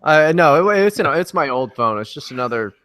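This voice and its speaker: A man with a fairly high voice tells a story as a guest on a casual podcast. He is brash and foul-mouthed and tells it with lots of energy. The sound is dry, with almost no room in it. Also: brisk, no room sound. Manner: brash, profane, animated anecdotes.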